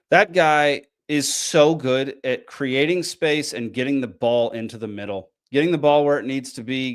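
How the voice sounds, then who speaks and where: A man's voice: medium pitch, clean tone. Tired man rambling. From American South. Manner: rambling, frustrated, many ums and restarts. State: tired, yawning. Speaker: podcast host. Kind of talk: casual solo match recap.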